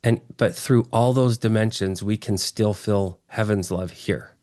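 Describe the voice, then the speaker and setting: A man from Texas telling his story as an interview guest, earnest and excitable, often restarting his phrases. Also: lowish voice, unhurried, no room sound, studio quality. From Texas, USA.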